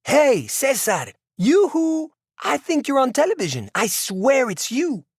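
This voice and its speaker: A man voicing a heavy Irish woman neighbor shouting out of her back window in drawn-out calls. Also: very high voice, huge pitch swings, husky, dry recording, studio quality, voice pushed up, full character voice. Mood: excited calling.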